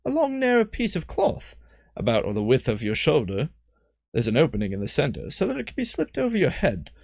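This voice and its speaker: A man's voice: mid-range voice, wildly swooping pitch, gravelly, dry recording, studio quality, voice pushed up, heavily acted. A man putting on a wise female mage in a wobbly British lilt. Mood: knowing. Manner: attempted British accent, halting. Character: female mage companion, calm and knowing.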